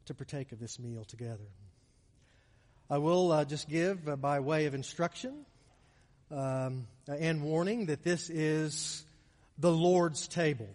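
Male preacher, high-pitched, stammering repeats, loud-to-soft swings, church reverb. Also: unhurried, pauses often. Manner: repeats words often, swells loud then drops soft. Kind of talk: sermon leading communion. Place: church sanctuary.

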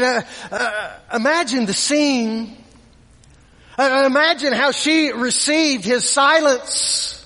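A man preaching a sermon, halting and repeating words as he makes emphatic points. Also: high voice, fairly bright tone, long reverb tail.

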